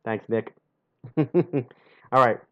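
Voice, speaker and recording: A man's voice: lowish voice, steady tone, extremely slow, smooth, muffled recording. A young man on a live stream reading a gamebook aloud, full of sarcastic asides and frequent laughs, in a home streaming setup.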